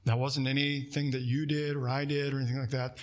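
A man preaching a sermon, telling a personal story with lively swings between loud emphasis and hushed, quiet moments. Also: medium pitch, brisk. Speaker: pastor.

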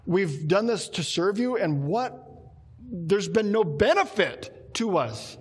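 Male pastor, slightly high voice, lively preaching delivery. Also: takes it slowly, breathy edge. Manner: animated, acts out quoted complaints in a lower voice. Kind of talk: sermon.

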